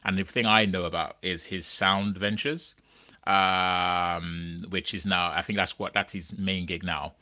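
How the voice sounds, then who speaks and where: Low-pitched guy chatting on a podcast, crisp bright tone, keeps saying right?, dry close sound. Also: fairly even intonation, unhurried, no room sound. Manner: rambling, restarts, many "right?" tags. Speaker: podcast host. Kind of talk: casual chat.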